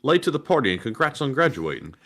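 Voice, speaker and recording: A man's voice: mid-range voice, sing-song, quick pace, a bit bright. Man reading donation messages aloud. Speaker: co-host reading viewer donations. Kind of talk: reading out live chat messages.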